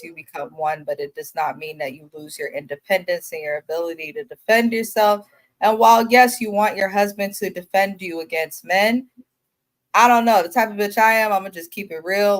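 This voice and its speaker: A woman co-hosting a casual reality TV recap speaks frankly about her own views. She is emphatic and plainspoken and laughs readily. Her voice sits at an ordinary middle pitch. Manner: blunt, emphatic, laughs easily. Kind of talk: casual opinionated commentary.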